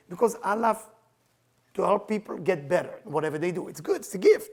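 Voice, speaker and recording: A middle-aged man, a spiritual teacher, telling personal stories in an animated, earnest lecture, in halting broken English. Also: sits high, a little hiss or hum. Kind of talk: storytelling lecture.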